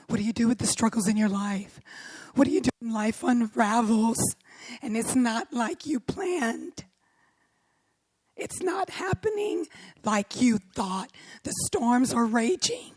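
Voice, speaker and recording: A middle-aged woman minister with a hoarse, worn voice, delivering a sermon and often dropping to a whisper for emphasis. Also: on the high side, moderate pace, a little mellow, dry recording. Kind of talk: sermon with opening prayer.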